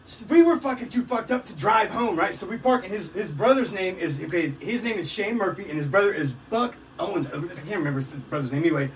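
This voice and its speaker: A man's voice: sits high, expressive, fast, hardly any pauses. A middle-aged man from Missouri telling rowdy, profane stories and laughing in a casual podcast chat. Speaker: podcast co-host. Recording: distant mic with loud background noise.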